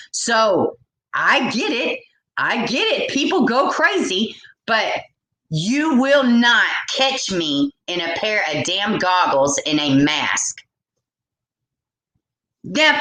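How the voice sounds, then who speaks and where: A woman rants to her viewers in an exasperated, profane rush, circling back over the same points again and again. Her voice rings out in a bare, echoey room, and her pitch sits in an ordinary middle range. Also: sharp tone. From United States. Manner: exasperated, profane, repetitive ranting. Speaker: vlogger. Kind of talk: ranting commentary to camera.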